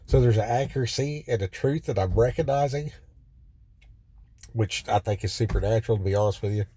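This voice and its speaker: Intense, rambling man with a mellow voice. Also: lowish voice, fairly quick, slight background noise. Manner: raw, intense, swears freely, many fillers and restarts. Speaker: vlogger sharing a personal testimony. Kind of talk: rambling first-person storytelling. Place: in a car by the roadside.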